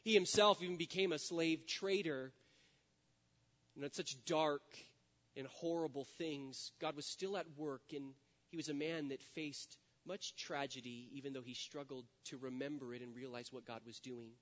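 A man's voice: fairly high pitch, steady tone, normal speed, fairly bright tone. Earnest preacher man, echoey hall. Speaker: pastor. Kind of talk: sermon. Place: church. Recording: dull sound with long hall reverb.

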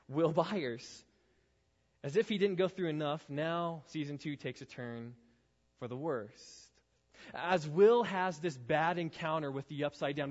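Casual youth preacher, echoing hall. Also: male voice, fairly high pitch. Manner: conversational storytelling, casual asides. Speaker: youth pastor. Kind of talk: sermon to high schoolers. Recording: reverberant hall, dull lo-fi sound.

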